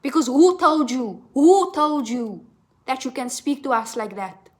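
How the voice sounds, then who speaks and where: A woman's voice: sits high, lively intonation, measured pace, a little mellow. A woman giving a tarot reading as a blunt, profane, impassioned rant, asking "right?" again and again. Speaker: tarot reader.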